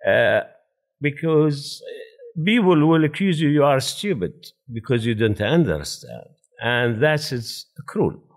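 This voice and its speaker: Lively Arabic-accented man telling stories. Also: medium pitch, slow pace. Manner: animated, laughing, non-native grammar. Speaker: panel speaker. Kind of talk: personal storytelling at a talk.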